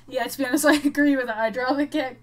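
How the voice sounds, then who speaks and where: A woman's voice: sits high, fairly even intonation, quick pace. A woman on an online voice call, chatting casually and laughing often. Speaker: co-host on the stream. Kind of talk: casual chat.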